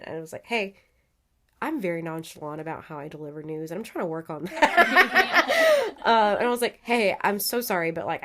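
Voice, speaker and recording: Woman guest on a podcast, lively blunt storyteller, swears casually, laughs a lot. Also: medium pitch. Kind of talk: casual interview chat.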